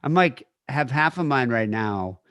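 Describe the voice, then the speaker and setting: A man's voice: mid-range voice, lively intonation, unhurried, a bit bright, clear, resonant tone, no room sound, studio quality. A man co-hosting a podcast in casual chat, rambling, swearing a lot and trailing off mid-sentence. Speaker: podcast co-host.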